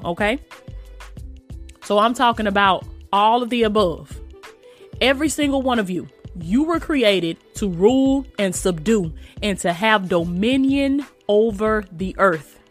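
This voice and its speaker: A woman preaching an informal sermon with emphatic, repetitive, colloquial delivery, often asking "okay?" and calling listeners "you guys". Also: fairly high pitch. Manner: colloquial, drops into "ain't" and "okay?".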